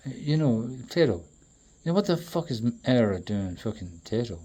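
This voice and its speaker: A man in a profane, rambling monologue that swings between loud outbursts and low muttering. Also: very animated, normal speed, slightly rough. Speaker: traveling performer.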